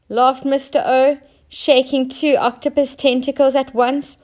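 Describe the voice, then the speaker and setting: Slow, high-voiced woman reading a story. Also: little pitch movement, darkish tone. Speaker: teacher reading a children's story. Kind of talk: storybook read-aloud.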